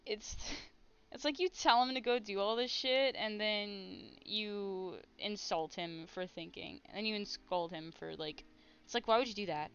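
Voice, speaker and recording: A woman's voice: mid-range voice, measured pace, a bit bright, clear, resonant tone, highs cut off. Rambling, giggly woman streamer. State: has a headache. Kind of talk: casual chat while drawing on stream.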